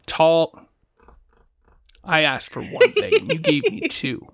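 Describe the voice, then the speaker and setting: A woman's voice: deep voice, huge pitch swings, slow pace, no echo. A woman running a tabletop role-playing game as game master, playful and often laughing.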